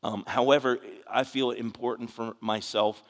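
Man, pastor, conversational sermon, earnest, halting restarts, mid pitch, long church reverb. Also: fairly even intonation. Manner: earnest storytelling, frequent restarts and "you know". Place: church sanctuary.

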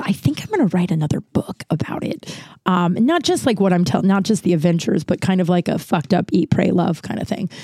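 Warm-voiced woman chatting, a bit hoarse. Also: medium pitch, no echo, studio quality. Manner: rambling, chatty, swears freely. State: congested and slightly hoarse. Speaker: podcast host. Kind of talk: casual solo chat. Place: corner of her apartment.

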